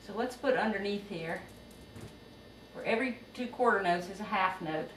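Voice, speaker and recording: A woman's voice: medium pitch, normal speed. A woman teaching a music lesson, explaining rhythm and beat patiently step by step. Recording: roomy, distant, noisy home recording.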